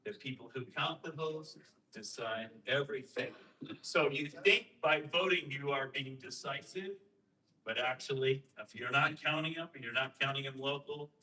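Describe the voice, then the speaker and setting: A man talking to a host, explaining and telling a story with emphatic rhetorical questions and lively quoted voices. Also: mid-range voice, moderate pace, distant mic, low-quality recording. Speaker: guest speaker on election systems.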